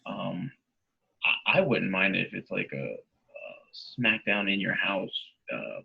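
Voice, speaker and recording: A man's voice: deep voice, very animated, slow, vocal fry, breathy edge, dull audio. A man co-hosting a wrestling podcast, laid-back and rambling with lots of "um" and "you know". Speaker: podcast co-host. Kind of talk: casual wrestling podcast chat.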